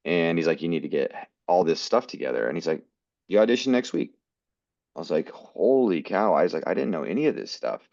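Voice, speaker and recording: Deep deep voice american guy telling his story in an interview, kinda dull audio. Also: expressive, fast talker, gravelly, hardly any pauses, darkish tone, no echo. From United States. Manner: earnest, quotes people in his stories. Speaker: guest actor.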